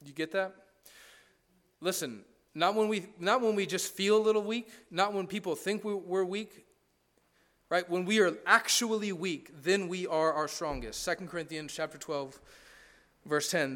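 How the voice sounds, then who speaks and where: A man with a high speaking voice delivers a sermon as pastor. His delivery is conversational yet emphatic, and he often checks in with the congregation. He builds each point through stacked parallel phrases. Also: normal speed, a bit bright.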